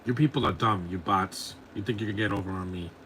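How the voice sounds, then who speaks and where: Hosting a live movie commentary podcast, a man in his forties speaks fast in a low voice with a fairly bright tone. He's blunt and opinionated, drifting from one complaint to the next, and the recording carries a little hiss or hum.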